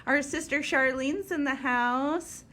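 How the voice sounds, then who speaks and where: Bubbly high-voiced woman livestream host. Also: slow, sharp tone. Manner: bubbly, greets viewers by name. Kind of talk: casual livestream chat. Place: dining room at home. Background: rain and a barking puppy.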